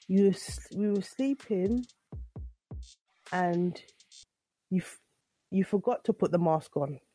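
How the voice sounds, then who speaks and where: A woman's voice: lowish voice, lively intonation, slow, dark tone, slightly rough, no echo, soft background music. A young adult woman telling her side of a story in a casual, exasperated way, acting out what was said. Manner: exasperated, retelling with quoted dialogue.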